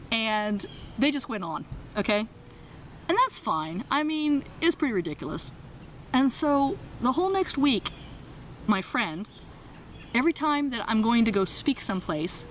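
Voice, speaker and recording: A woman guest in an interview, telling a story with lively energy and acting out the people she quotes. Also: a little high, normal speed, a little hiss or hum, rough recording. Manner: lively, acts out quoted voices. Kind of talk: animated storytelling.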